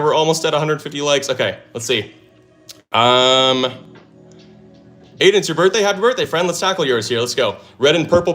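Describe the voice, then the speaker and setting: A man's voice: medium pitch, a bit bright. A man hosting a live stream, thinking aloud as he works through puzzles and cheering when he solves them. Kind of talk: excited live stream chatter.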